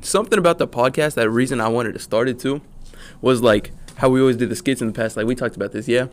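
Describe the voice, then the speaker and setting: Relaxed young man rambling on a podcast. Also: mid-range voice, fast talker. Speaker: podcast co-host. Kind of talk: casual podcast chat.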